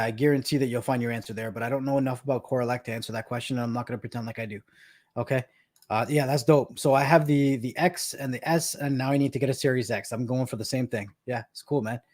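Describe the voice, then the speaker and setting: On his live stream, a man in his thirties from Canada tells stories in a relaxed, chatty way, laughing frequently and repeating words. He speaks at medium pitch with a slightly mellow tone.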